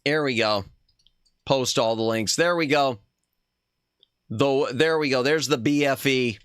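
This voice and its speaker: A man's voice: medium pitch, unhurried, fairly bright tone, smooth, no echo, studio quality. A man chatting casually while streaming a retro game, playful and laughing at himself as he reads the game text aloud. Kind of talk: casual live-stream gaming chat.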